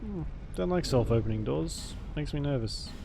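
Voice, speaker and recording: A man's voice: medium pitch, lively intonation, normal speed, noisy background. A man casually commenting on a game he is playing live, joking and muttering his reactions. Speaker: streamer.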